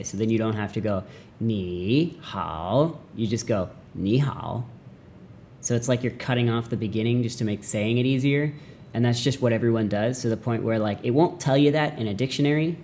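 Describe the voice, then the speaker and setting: Youngish guy doing a chill mandarin lesson, mellow voice, animated and goofy. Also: fairly low pitch, a little hiss or hum. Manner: animated, jokey, acts out mock voices. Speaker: language teacher. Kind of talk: casual video lesson.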